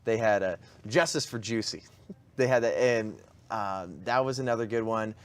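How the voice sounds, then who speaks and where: A man's voice: lowish voice, normal speed, clear, resonant tone. A man hosting a studio talk show, chatting casually and laughing often. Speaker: show host. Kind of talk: casual political chat.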